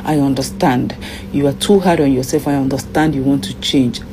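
A woman gently reassuring and praying for another caller. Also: extremely low pitch, normal speed. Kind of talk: spoken prayer for another caller. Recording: noisy distant line.

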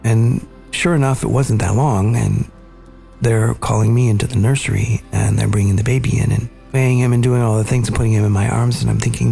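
A man hosting a podcast, earnestly recounting a family memory in a measured, reflective way. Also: mid-range voice, fairly even intonation, vocal fry, dark tone, soft background music. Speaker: podcast host. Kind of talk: reflective storytelling conversation.

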